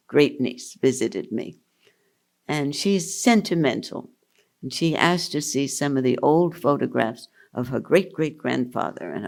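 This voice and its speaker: An older woman speaks slowly, with a gravelly edge in her voice. Her pitch rises and falls in a lively way as she answers questions at a retreat. She sounds amused and laughs often. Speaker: spiritual teacher.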